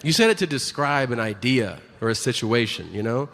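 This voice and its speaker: A man's voice: medium pitch, lively intonation, fairly quick, fairly bright tone. A man doing a stand-up set in a dry way, acting out bits of dialogue. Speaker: stand-up comedian. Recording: hall reverb, clear noise.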